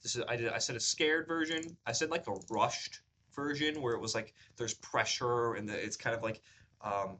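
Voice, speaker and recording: A man vlogging about his acting journey in a casual, rambling way, full of fillers and restarts, his voice lifted above its usual low register as he talks. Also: moderate pace, sharp tone. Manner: rambling, upbeat storytelling with many fillers and restarts; says his pitch rises above his normal low voice when he talks at length. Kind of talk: casual vlog chat.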